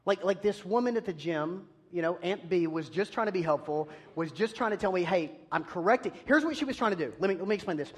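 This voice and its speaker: A man preaching a sermon, telling an animated, self-deprecating story about himself. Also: high voice, quick pace, hardly any pauses, husky.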